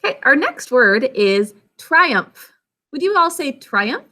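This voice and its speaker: A woman's voice: sits high, big pitch swings, slow, sharp tone, a little hiss or hum. A woman teaching a spelling and phonics lesson, sounding out words carefully and praising her pupils often.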